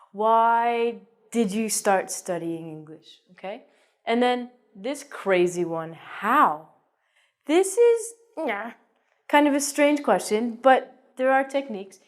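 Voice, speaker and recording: Slow, playful high-voiced woman teacher. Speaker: English teacher. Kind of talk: video lesson.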